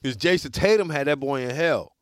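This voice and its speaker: Male sports talker, casual debate, animated and slangy, fairly high voice. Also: brisk, clear, resonant tone, no echo, studio quality. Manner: animated, slangy, emphatic repetition. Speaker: sports podcast co-host.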